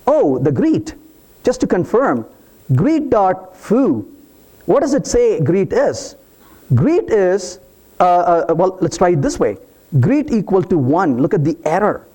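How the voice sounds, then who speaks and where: Lively, animated man giving a tech talk. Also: sits high, unhurried, breathy edge. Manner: animated, playful, teasing the audience. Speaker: conference speaker. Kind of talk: live technical talk to an audience. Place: conference hall.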